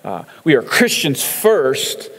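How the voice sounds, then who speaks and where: A man's voice: mid-range voice, sing-song, takes it slowly, fairly bright tone, long reverb tail. A man giving a casual, conversational sermon, chatting through song lyrics and scripture with fillers and easy laughs.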